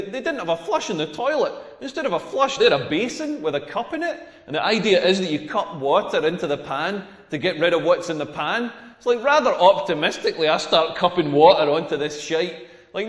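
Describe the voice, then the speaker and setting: A man with a Scottish accent playing a crude, self-mocking stand-up comedian telling a rambling routine on a comedy club stage. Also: sits high. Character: crude boastful Scottish male stand-up comic. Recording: echoey hall with long reverb.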